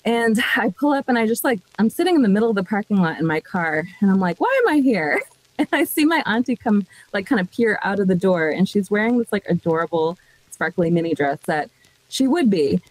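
A woman telling a personal story in casual podcast chat, animated and often laughing. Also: mid-range voice, a little fast, no room sound, low-quality recording.

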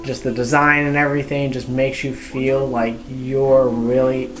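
A man's voice: mid-range voice, flat delivery, unhurried. A man reviewing a restaurant in a casual vlog, gushing with enthusiasm and tossing in playful asides.

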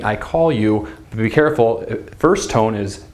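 A young man teaching a whiteboard lesson, patiently repeating words and swinging his pitch widely to demonstrate sounds. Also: animated, moderate pace, hardly any pauses. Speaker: language teacher.

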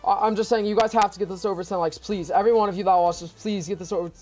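A man giving excited gameplay commentary as a gaming YouTuber, stumbling over his words and repeating exclamations in disbelief. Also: sits high, fast, faint music behind.

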